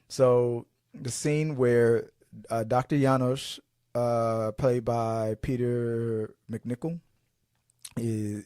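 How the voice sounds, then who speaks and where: A man's voice: mid-range voice, mellow, dry recording, studio quality. A man hosting a podcast, chatting casually about movies, rambling and restarting his sentences and acting out scenes as he goes. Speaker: podcast host.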